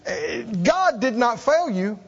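A man preaching a sermon, earnest and emphatic, often repeating words and climbing high to stress a point. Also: big pitch swings, slow pace, vocal fry. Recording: dull sound in a reverberant hall.

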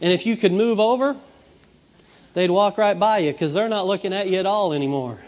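A middle-aged pastor preaches in a chatty, storytelling way and slips into children's voices. His voice sits high for a man. The recording is dull and carries a long hall echo. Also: fairly quick, a little mellow. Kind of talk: sermon.

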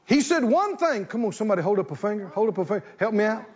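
A husky-voiced male pastor preaches with lively, animated swings of pitch and calls out to his congregation. His high voice comes through a dull, lo-fi recording. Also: fast talker. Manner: animated, call-and-response preaching. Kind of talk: sermon.

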